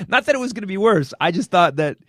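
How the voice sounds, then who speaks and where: A man's voice: sits high, moderate pace, no echo, studio quality. A middle-aged man hosting a comedy podcast, telling stories in casual talk and acting out what his friends said. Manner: animated storytelling, acts out quoted friends. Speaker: podcast host.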